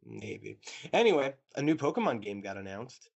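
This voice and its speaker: A young man in his twenties co-hosting a casual podcast, animated and teasing as he chats with a friend. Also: medium pitch, fairly quick, highs cut off. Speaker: podcast co-host. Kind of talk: casual chat.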